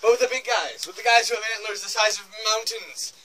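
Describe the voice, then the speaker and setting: Outdoors on a reindeer farm, a man with a high-pitched voice leads a tour, giving joking, teasing instructions at a quick pace and laughing often. The low-quality recording picks up the group of visitors around him.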